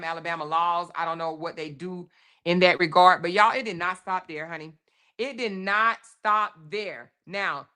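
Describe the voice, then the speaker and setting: A woman's voice: lowish voice, pushed and bright. A woman hosting a casual commentary show, speaking emphatically, repeating her points and talking straight to her viewers. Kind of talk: casual commentary on a viral video.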